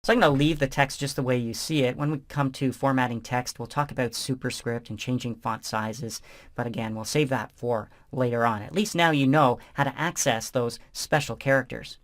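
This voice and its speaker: A man narrating a software tutorial as instructor, explaining each step in a relaxed, conversational way. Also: mid-range voice, normal speed.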